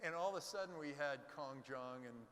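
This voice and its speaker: A man, a venture capitalist, telling animated stories in an onstage fireside chat and acting out the quotes. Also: on the high side, fairly quick. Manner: animated anecdotes with acted-out quotes. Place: conference stage. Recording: reverberant hall.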